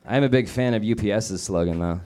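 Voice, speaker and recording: A man from Denver doing a sarcastic stand-up comedy set on stage with a handheld mic, often slipping into quick put-on voices. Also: lowish voice, warm tone. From Denver, Colorado. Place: comedy club stage with a laughing audience. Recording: live club recording with audience noise.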